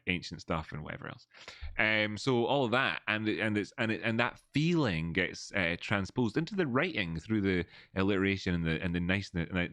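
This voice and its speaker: Guy chatting on a stream, low voice, lots of restarts, dry close sound. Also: fairly bright tone, no echo. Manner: rambling, many restarts, reads chat aloud. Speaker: livestream host. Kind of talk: casual livestream chat. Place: old building, indoors.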